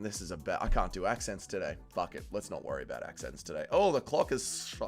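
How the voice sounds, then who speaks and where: A man's voice: sits low, big pitch swings, brisk, hardly any pauses, soft background music. A young man hosting a fight watch-along livestream, reading chat aloud and chatting casually with blunt, profane banter.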